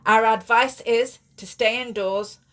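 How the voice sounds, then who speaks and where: A woman's voice: on the high side, fairly even intonation, measured pace, fairly bright tone, pitched above the performer's own voice. A woman voicing a serious male TV newsreader giving urgent warnings in a formal broadcast manner. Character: grave male TV newsreader, scared.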